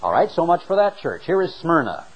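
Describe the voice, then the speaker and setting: A middle-aged male preacher with a somewhat high voice. He delivers a sermon with emphatic swings of pitch and loudness. He leans hard on key words as he reads and explains scripture. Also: very animated, a little fast, slightly rough, rough recording.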